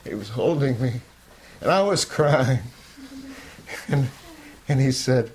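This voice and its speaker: An older man telling a personal story in a candid, rambling way, at times sinking to a soft near-whisper. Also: mid-range voice, lively intonation, slow pace, long pauses. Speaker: interviewee.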